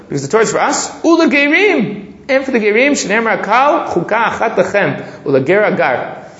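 Man giving an animated Torah class. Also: high-pitched, roomy sound, lo-fi sound. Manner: reads Hebrew text aloud then explains in English, growing excited. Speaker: Torah teacher. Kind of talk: text-based Torah class.

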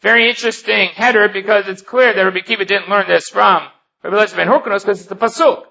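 A man's voice: sits high, fairly even intonation, fast, vocal fry, sharp tone. A man teaching a Talmud lesson, reading the Hebrew and Aramaic text aloud and then explaining it in English. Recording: dull lo-fi recording.

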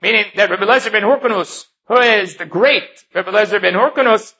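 A man's voice: high-pitched, brisk, few pauses, sharp tone. A man teaching a Talmud lesson, reading the Hebrew and Aramaic text aloud and then explaining it in English. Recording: dull lo-fi recording.

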